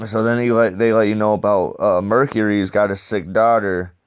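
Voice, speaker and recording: A young man reviews a comic book casually, rambling, cursing, and getting excited as he acts out scenes with dialogue and sound effects. His voice is lowish and smooth at a moderate pace, with no echo.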